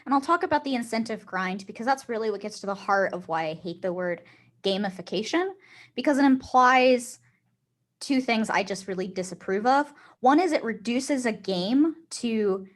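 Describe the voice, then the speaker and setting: A woman's voice: a little high, lively intonation, moderate pace. A woman co-hosting a podcast in casual chat, talking her ideas through and laughing between points. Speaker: podcast co-host.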